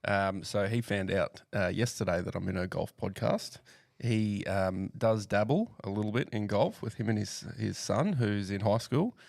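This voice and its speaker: Gravelly, low-voiced man. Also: darkish tone, no echo, studio quality. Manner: measured, polite, filler-heavy. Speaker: podcast co-host. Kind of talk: casual chat.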